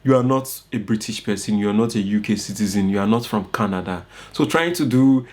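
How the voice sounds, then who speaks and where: A man's voice: lowish voice, fairly quick, few pauses. A young man with a Nigerian accent teaching an informal online course, coaching his listeners and often checking "you get it?". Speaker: course instructor.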